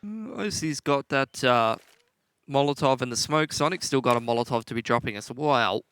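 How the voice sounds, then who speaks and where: A man giving relaxed, joking analysis as color commentator in an esports broadcast. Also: medium pitch, normal speed, clear, resonant tone.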